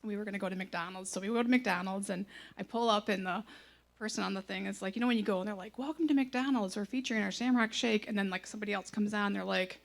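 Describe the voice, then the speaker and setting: A woman, telling a personal testimony in a casual, animated way and acting out the voices in it. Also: medium pitch, fast, gravelly. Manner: chatty, animated, acts out quoted lines. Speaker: church member sharing a testimony.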